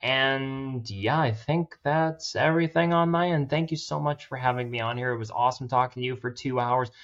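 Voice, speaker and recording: A man's voice: mid-range voice, normal speed, fairly bright tone, dull audio. A man guesting on a podcast, chatting casually in a rambling, self-deprecating way and laughing often. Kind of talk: casual chat.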